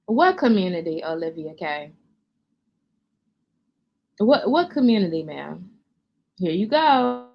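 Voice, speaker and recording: A woman's voice: fairly low pitch, very animated, slow, vocal fry, long pauses, lo-fi sound. A woman commenting on a clip, sarcastic and scolding, addressing the speaker on screen as "girl". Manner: sarcastic, scolding, calls her subject "girl". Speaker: reaction commentator. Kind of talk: reaction commentary.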